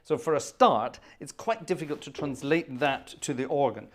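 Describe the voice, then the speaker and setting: A man's voice: on the high side, animated, normal speed. A man hosting a live organ music stream, chatting casually and rambling between tunes, humming melodies aloud and reading viewer requests.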